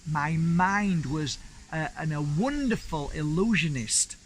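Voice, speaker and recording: A man's voice: on the high side, expressive, takes it slowly, slight background noise, poor audio. A man hosting his own channel, telling a personal story in a chatty, rambling, enthusiastic way. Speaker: crystal channel host. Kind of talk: casual storytelling to camera.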